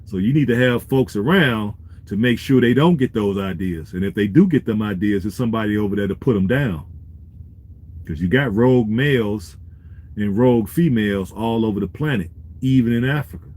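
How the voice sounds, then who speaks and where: A man's voice: fairly low pitch, brisk, darkish tone. A man vlogging in a laid-back, street-wise way, talking to his viewers and giving business advice. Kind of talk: casual talk to camera.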